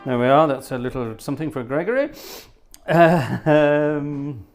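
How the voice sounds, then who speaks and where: A man's voice: fairly high pitch, unhurried. A man hosting a live stream from his home organ studio, chatting cheerfully and reading out names from the chat. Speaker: livestream host and organist. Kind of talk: casual live-stream chat, greeting viewers.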